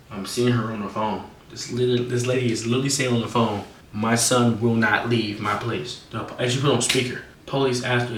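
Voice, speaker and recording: A young man from the United States telling a personal storytime in a fast, slangy way, swinging between laughing and hushed. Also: mid-range voice, far from the mic. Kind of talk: casual storytime monologue. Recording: roomy echo, off-mic.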